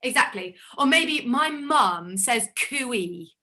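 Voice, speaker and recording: Woman choir leader on a video call: bright voice, lively swooping delivery, encouraging warm-up coaching. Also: a little high, normal speed. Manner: encouraging, demonstrates vocal calls and sighs.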